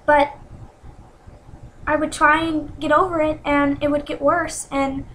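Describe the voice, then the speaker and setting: A woman in her twenties telling a personal story in an earnest, self-critical way, with many pauses and restarts. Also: high voice, level tone, a bit bright, poor audio. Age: 20s. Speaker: vlogger. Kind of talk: personal confessional vlog.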